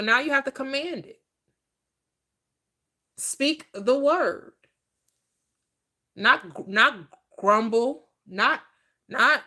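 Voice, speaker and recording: A woman with a slightly bright voice on the high side teaches about manifestation like a preacher. As a spiritual teacher, she is emphatic and repetitive, asking questions and then answering them herself.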